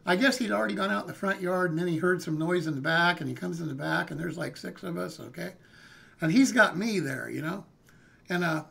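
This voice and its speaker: Male streamer telling a rambling story, high and husky voice. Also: expressive, a little fast, fairly bright tone. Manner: rambling, with many fillers and "okay?" checks. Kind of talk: casual storytelling.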